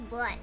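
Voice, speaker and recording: High-voiced, excitable woman streamer. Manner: excitable, chatty, talks to chat. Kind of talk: casual game livestream chat. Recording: loud game music behind.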